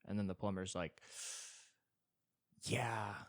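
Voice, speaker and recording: A man's voice: fairly low pitch, moderate pace, dry recording, clean studio sound. A man doing a stand-up style solo podcast monologue, rambling and exasperated, with swearing riffs. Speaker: stand-up comedian and podcast host.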